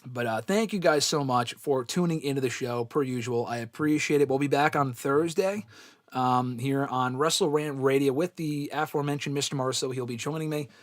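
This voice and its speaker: A man's voice: mid-range voice, moderate pace, dry recording, clean studio sound. A man hosting a live-stream wrestling question show in a loose, giggly, casual way, reading out viewers' chat comments. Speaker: wrestling show host answering fan questions.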